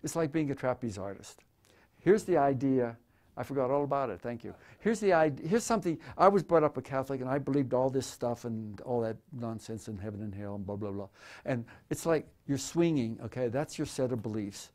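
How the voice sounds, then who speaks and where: A man's voice: medium pitch, brisk, darkish tone. A man in his eighties, a photographer speaking in a museum auditorium, rambling and joking irreverently, with many stammered restarts as he answers audience questions. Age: 80s. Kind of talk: live talk with audience questions.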